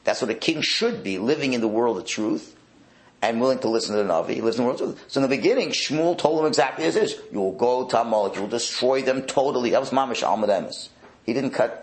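A man, a rabbi, teaching a Torah class in a wry, animated way, sprinkling in Hebrew and Yiddish words. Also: mid-range voice.

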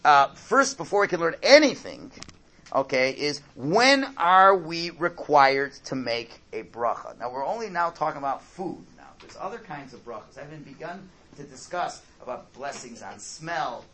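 A man teaching a religious class, explaining slowly, repeating his key points, and often checking in with "right?". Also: fairly high pitch, very animated, a bit bright. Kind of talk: classroom Torah lesson.

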